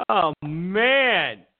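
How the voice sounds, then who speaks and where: A man hosting a political commentary show, ranting in a sarcastic, mocking way, stumbling over restarts and mimicking opponents. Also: high voice. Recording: tinny phone-like lo-fi sound.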